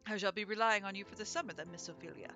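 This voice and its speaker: A woman voicing a gentle, elegant male bird who owns a cafe, speaking softly, politely and formally. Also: medium pitch, rapid-fire, faint music behind, natural voice.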